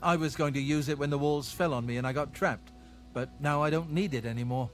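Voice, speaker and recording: A man's voice: on the high side, brisk, faint music behind, lightly acted. An actor playing a fearful, paranoid man in a video game who worries about walls falling on him. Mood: grateful. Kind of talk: video game character dialogue.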